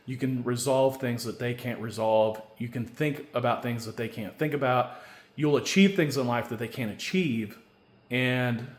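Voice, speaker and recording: A man delivering a rambling, angry, profane solo rant, now and then building to loud shouting. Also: mid-range voice. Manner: angry, profane, repeats a stock filler question. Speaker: vlogger. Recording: echoey room.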